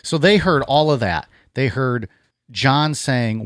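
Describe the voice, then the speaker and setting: A man's voice: medium pitch, moderate pace, no room sound, clean studio sound. A man co-hosting a casual true-crime podcast, reacting and summing up points in short remarks. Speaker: podcast co-host.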